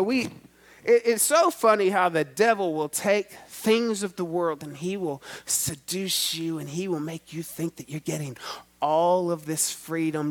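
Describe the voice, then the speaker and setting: High-voiced man preaching a sermon. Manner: preaching with call-and-response, swelling emphasis and drawn-out words. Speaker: pastor.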